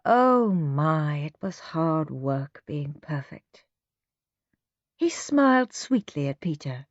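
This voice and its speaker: Woman storyteller, slow and animated, dry close sound. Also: deep voice, no echo. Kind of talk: children's storybook reading. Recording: muffled lo-fi recording.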